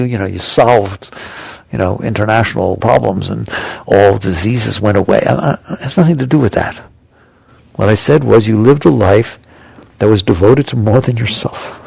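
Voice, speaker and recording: A man's voice: on the low side, vocal fry, a little mellow, no room sound, low-quality recording. An older man giving a talk to an audience as a spiritual teacher, conversational, often putting questions to the listeners and laughing.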